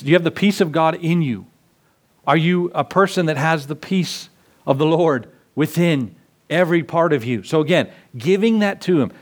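A man preaching a sermon in a church, passionate and full of questions to the congregation. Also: a little high. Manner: impassioned, rhetorical questions to the congregation. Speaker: pastor.

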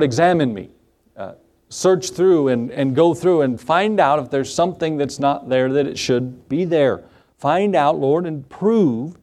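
A man's voice: on the high side, mellow. A man preaching a sermon as pastor to his congregation, earnest and often asking them questions. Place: church.

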